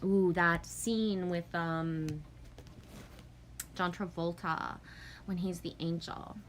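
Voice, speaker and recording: A woman in her forties chatting casually on a livestream, reading out viewer comments and rambling through animated stories with swearing and acted-out quotes. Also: lowish voice, slow, slight background noise.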